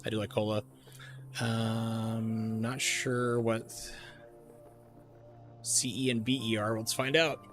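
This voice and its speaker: A man's voice: lowish voice, little pitch movement, slow, long pauses, fairly bright tone, faint music behind. A man in his forties chatting casually while streaming a game, telling a long story with lots of uhs and restarts. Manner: rambling storyteller with many fillers. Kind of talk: casual chat while gaming.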